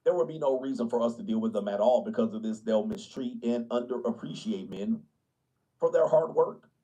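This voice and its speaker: A man's voice: mid-range voice, expressive, a little fast, dark tone, poor audio. A man in a played-back clip, talking in a brash, profane, boastful way while reading out chat.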